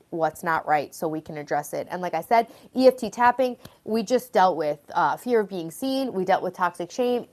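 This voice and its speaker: A woman's voice: mid-range voice, a little mellow. A woman hosting a live stream, chatting casually in an earnest, rambling way and encouraging her viewers. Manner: rambling, earnest, filler-heavy. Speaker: host of a live stream tapping series.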